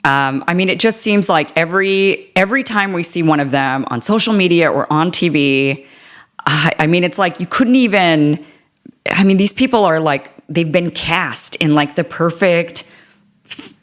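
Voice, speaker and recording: A woman host with a low voice, asking her guest questions. She talks in a casual, rambling way, full of "I mean" and "like.". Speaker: show host. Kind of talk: political interview.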